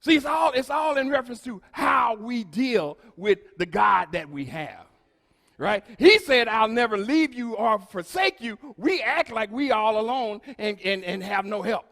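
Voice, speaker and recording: A man preaching a sermon to his congregation as pastor, swinging between shouted lines and quiet, low asides. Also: sing-song, a little slow, in a large hall.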